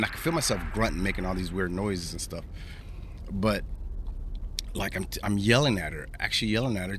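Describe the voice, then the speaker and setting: A man's voice: lowish voice, bright, forceful tone, a little hiss or hum. A man hosting a podcast, telling a personal story in a casual, rambling way, repeating himself and using slang. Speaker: podcast host.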